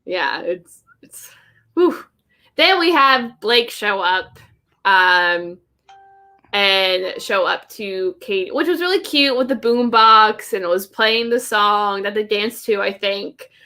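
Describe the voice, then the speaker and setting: A woman's voice: medium pitch, animated, slow, sharp tone. A woman co-hosting a podcast in casual chat, laughing often and gushing with lots of "like.". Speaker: podcast co-host.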